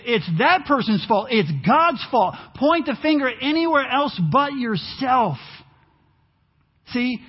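Man, pastor, sermon in church, raised high voice, muffled recording. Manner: animated preaching, rising to near-shouts.

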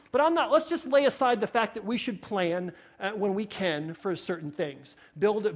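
A man preaching a sermon with a New York accent, getting worked up and repeating phrases for emphasis. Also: very high voice. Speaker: pastor.

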